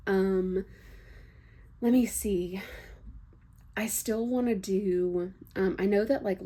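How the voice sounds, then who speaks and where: Mellow, chatty young woman vlogging. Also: lowish voice, husky. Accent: General American with a faint Southern trace. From Texas, USA. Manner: rambling and chatty, with frequent fillers and soft laughs. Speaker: book vlogger. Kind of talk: unscripted casual chat to camera.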